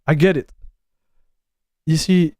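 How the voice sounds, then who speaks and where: A man talking loosely with his live chat as he reviews software, restarting lines and tossing in "dude" and "bro". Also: a little high, steady tone, slow, no echo, studio quality. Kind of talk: casual live-stream chat.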